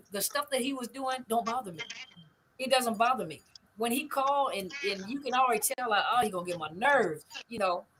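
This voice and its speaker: On her live stream about recovering from narcissistic abuse, a middle-aged host responds to comments in a fairly high, slightly bright voice. The audio is poor, with a little hiss or hum, and she speaks emphatically, repeating herself and frequently asking whether you see what she means.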